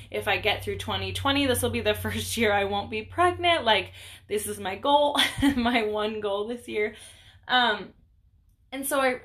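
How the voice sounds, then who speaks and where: A woman's voice: mid-range voice, fairly bright tone. A young woman hosting a podcast, talking candidly and chattily about her own life in a rambling casual monologue. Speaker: podcast host.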